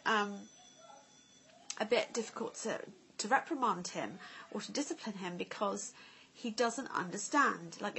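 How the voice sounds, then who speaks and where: A woman's voice: mid-range voice, creaky, bright, forceful tone, slight background noise. A woman, a mother vlogging at home, chatting candidly to camera with lots of "like" and "you know". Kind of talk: casual chat to camera. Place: family home.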